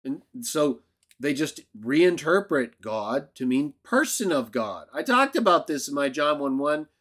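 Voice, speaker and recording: A man teaching a Bible lesson in a video, argumentative and emphatic, who keeps checking in with "right?". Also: medium pitch. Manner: emphatic outbursts. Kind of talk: lecture-style video commentary.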